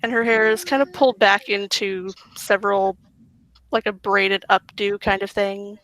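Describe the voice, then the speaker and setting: A woman's voice: mid-range voice, fairly even intonation, moderate pace, a bit bright, poor audio. A woman playing a tabletop game, describing her character in a casual, hesitant way. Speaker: player.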